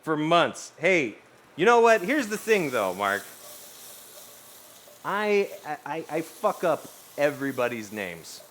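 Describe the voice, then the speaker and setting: A man's voice: on the high side, slow pace. A young man livestreaming in casual chat, rambling and cursing freely as he talks to his viewers. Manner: rambling, animated, swears freely.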